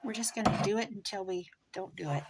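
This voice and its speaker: Working on a craft project, this Midwestern vlogger delivers a chatty, meandering monologue, musing aloud and drifting quieter at times. Her voice is mid-range and brisk, with heavy background noise in the recording.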